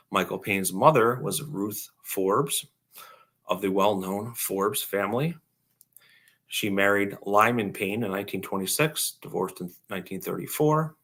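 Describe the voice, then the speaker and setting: A man with a bright, forceful, fairly low voice co-hosts a casual podcast. He reads aloud from a book and stops often for ums, uhs and restarts. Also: unhurried. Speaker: podcast co-host. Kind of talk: casual podcast reading and discussion.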